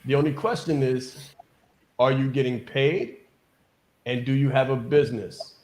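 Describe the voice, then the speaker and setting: A man's voice: medium pitch, steady tone, a little slow, darkish tone. A man giving an emphatic motivational business coaching talk on a call, repeating key phrases and often asking "right?".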